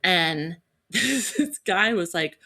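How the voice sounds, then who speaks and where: A woman in her thirties with a fairly low voice tells a family story in animated style. She slips into quick character voices for the people in the tale. Her delivery is casual and chatty. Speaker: podcast host. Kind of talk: casual chat.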